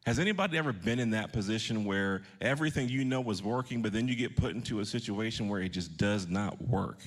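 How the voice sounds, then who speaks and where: Earnest pastor telling a personal story. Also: male voice, lowish voice, fast talker. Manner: storytelling with direct questions to the congregation; earnest, shifting pace for emphasis. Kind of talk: sermon.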